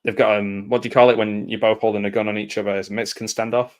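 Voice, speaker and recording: A man giving casual live commentary over a film, reacting aloud and often dropping into quiet mumbled asides. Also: fairly low pitch, level tone, rapid-fire.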